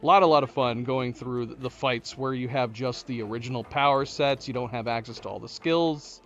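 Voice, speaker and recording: A man's voice: mid-range voice, fairly quick, a bit bright, lo-fi sound. A man streaming a video game, talking casually and thinking aloud with many restarts and fillers. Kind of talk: casual live-stream commentary.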